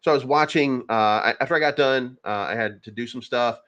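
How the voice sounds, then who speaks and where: A man's voice: mid-range voice, brisk, a bit bright, muffled recording. Rambling, filler-heavy man streaming crypto. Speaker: crypto livestream host. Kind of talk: casual livestream market commentary.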